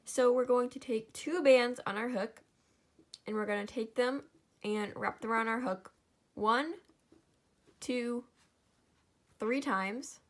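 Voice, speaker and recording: A woman's voice: a little high, takes it slowly, pauses often. A young woman hosting a step-by-step craft tutorial, tired and yawning, apologizing as she talks through each stitch.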